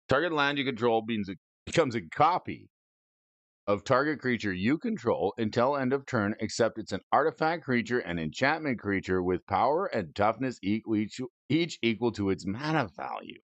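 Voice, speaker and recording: A man's voice: fairly low pitch, expressive, moderate pace, no echo. A man hosting a casual stream, rating game cards aloud with playful, goofy asides and silly wordplay. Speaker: host. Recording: dry, dull lo-fi mic.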